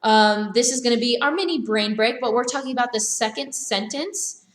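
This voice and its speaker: A woman teaching a live virtual karate class, calling out brisk commands and corrections to her students. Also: a little high. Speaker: karate instructor. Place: karate studio, indoors. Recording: echoey room.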